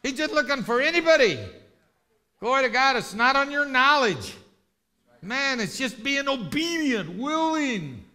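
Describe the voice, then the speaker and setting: A man preaching a lively testimony sermon, telling a story with shouts and laughter. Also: very high-pitched, unhurried. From rural ranch background.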